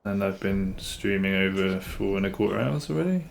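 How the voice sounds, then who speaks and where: A British man chatting casually while streaming a game live, unhurried and dryly joking with his viewers. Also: low voice, lively intonation, gravelly. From Britain. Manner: unhurried, chatty, answers chat with dry humour. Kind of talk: casual live gameplay commentary.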